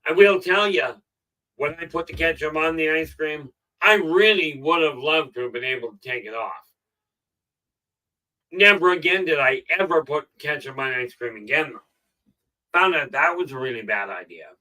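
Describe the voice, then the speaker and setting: A middle-aged man giving a casual motivational talk on a live stream, rambling and filling pauses with "okay". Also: on the high side, pushed and bright, recorded from a distance, rough recording. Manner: rambling, frequent "okay" fillers. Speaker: self-help live streamer.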